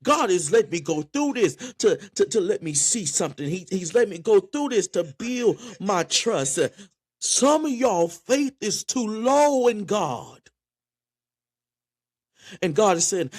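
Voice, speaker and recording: A man's voice: high voice, very animated, unhurried, slightly rough. A man preaching a sermon with passion, often repeating words as he restarts his phrases. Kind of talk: spoken sermon.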